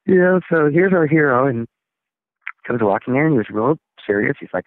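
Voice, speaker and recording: A man, a rock singer, telling stories in a casual interview, rambling and animated. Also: medium pitch, moderate pace, dry recording. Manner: rambling, animated storytelling with laughs. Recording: tinny phone line, dry.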